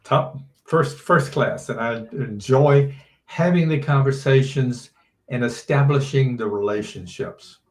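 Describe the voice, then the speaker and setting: An older man, a teacher, giving measured interview answers and often restarting his sentences. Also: medium pitch, echoey room. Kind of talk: slow thoughtful interview answers.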